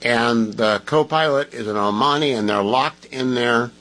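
A man's voice: mid-range voice, a little slow, sharp tone, poor audio. A man hosting a talk radio show, delivering an opinionated conversational monologue while groggy from medication.

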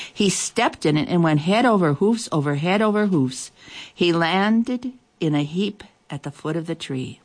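A storyteller reading an animal fable aloud in a measured, expressive way. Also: mid-range voice, gravelly.

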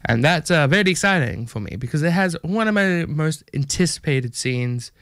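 A young man hosts an online radio show in a put-on American country drawl, chatting loosely and poking fun at himself. His voice sits a little high for a man and comes across smooth and clean. He leans on fillers and restarts as he rambles. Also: animated, normal speed, a bit bright, no echo, clean studio sound. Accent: put-on American country accent. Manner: rambling, self-deprecating, chatty with many fillers. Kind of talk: casual rambling radio chat.

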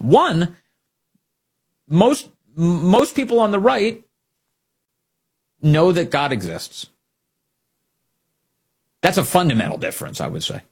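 A man's voice: sits high, very animated, a little slow, gravelly, long pauses, husky. A man hosting an opinion monologue, talking in a heated and emphatic way and repeating his points. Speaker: political commentator host.

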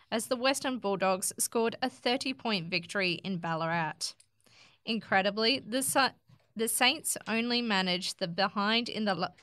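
A woman reads sports headlines and reports aloud with a bright, crisp, smooth voice, now and then restarting a word. The recording is dry and close, with no echo. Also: mid-range voice. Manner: brisk headline reading with small restarts. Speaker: news reader. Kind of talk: reading news articles aloud.

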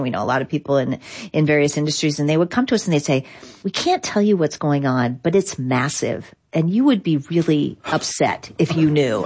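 Low-voiced woman telling a story. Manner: animated storyteller, many restarts and fillers. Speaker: guest, digital rights lawyer. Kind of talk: conversational interview storytelling.

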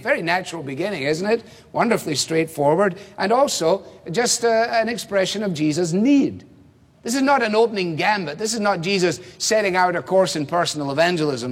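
A male preacher delivers an expository sermon in a measured, emphatic way, pausing for rhetorical questions. His voice sits a little higher than most men's. It carries a long reverb, as if it were heard through a church sanctuary. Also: lively intonation.

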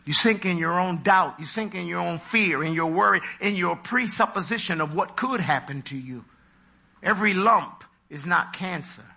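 Brief: male preacher, high-pitched and husky, theatrical sermon delivery. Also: moderate pace, bright, forceful tone. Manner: dramatic, acts out voices with big pitch leaps.

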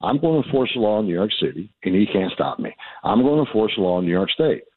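Blunt deep-voiced man on a tinny phone line. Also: animated, fast, slightly rough, no room sound. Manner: blunt, repetitive, defiant, restarts often. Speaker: radio guest, immigration official. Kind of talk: combative radio interview.

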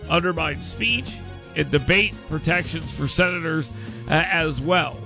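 A man hosting a talk radio show, delivering a sarcastic, mocking monologue that swings from mutters to loud outbursts. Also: on the high side, measured pace, creaky, faint music behind.

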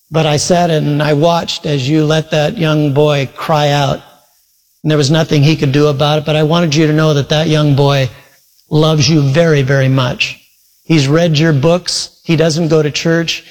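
A male pastor preaching a sermon, retelling a story full of quoted speech, his pace shifting between slow and quick. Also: on the high side. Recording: long hall reverb.

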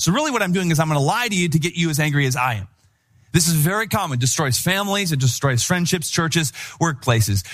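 A middle-aged male pastor preaching a sermon with animated storytelling, acting out voices in his anecdotes. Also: on the high side.

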